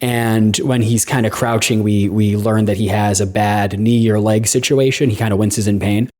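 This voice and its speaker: A man's voice: lowish voice, fairly even intonation, normal speed, warm tone. A man co-hosting a podcast, recapping a movie's plot in casual chat with wry asides. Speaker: podcast co-host.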